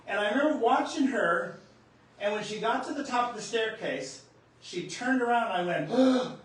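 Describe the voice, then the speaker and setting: A man's voice: high-pitched, animated, moderate pace, fairly bright tone. A man in his sixties from North Dakota telling a personal spiritual story as a podcast host, earnest and emotional, gasping in awe at times. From North Dakota, USA. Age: 60s. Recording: echoey room, voice distant from the mic.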